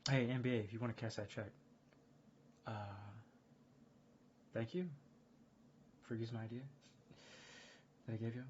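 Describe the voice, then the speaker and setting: A man streaming casual chat, rambling and excitable, full of fillers and restarts. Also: medium pitch, moderate pace, pauses often, slight background noise. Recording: dull lo-fi stream audio.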